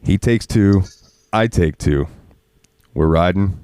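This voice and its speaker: A man's voice: low-pitched, takes it slowly, warm tone, clear, resonant tone, dry recording, clean studio sound. A man telling rambling, profane stories as a podcast co-host, laughing often. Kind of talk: casual storytelling chat.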